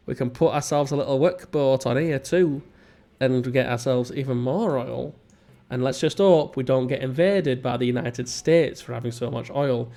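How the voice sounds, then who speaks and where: A man from England with a broad Northern English accent talks through a strategy game. He rambles, teases himself and cracks jokes while he plays, in a medium-pitched voice. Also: moderate pace, darkish tone, faint music behind. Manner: rambling, self-mocking and jokey. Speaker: let's play host. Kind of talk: casual gameplay commentary.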